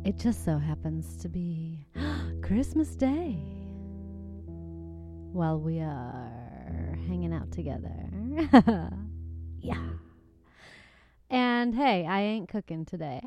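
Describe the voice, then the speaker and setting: A woman's voice: fairly low pitch, sing-song, takes it slowly, long pauses, a little mellow, faint music behind. A woman hosting her podcast from home at a microphone, chatting casually in a bubbly, giggly, gushing way. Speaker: podcast host. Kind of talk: casual chat. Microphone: desk microphone.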